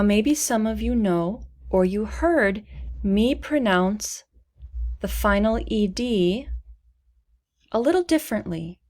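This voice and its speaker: Woman, English teacher, very slow, over-articulated, repeats words, young adult. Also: medium pitch, darkish tone. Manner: over-articulates each word, repeating it twice. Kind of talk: slow, deliberate pronunciation lesson.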